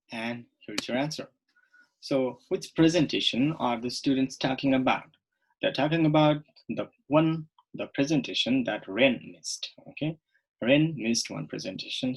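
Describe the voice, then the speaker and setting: A man teaching a recorded online English lesson, speaking slowly and repeating words, often checking in with "okay?". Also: mid-range voice, creaky, husky, low-quality recording. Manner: slow, repetitive, checks in with "okay?".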